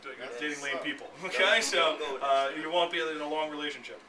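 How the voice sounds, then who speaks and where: A man leads a sales training class, rattling along at a fast clip in a slightly high voice and constantly checking that the room is with him. He was picked up by a camera well across an echoey room. A clear layer of background noise runs under him. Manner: brisk, keeps checking in with the room. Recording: echoey, distant, noisy room recording.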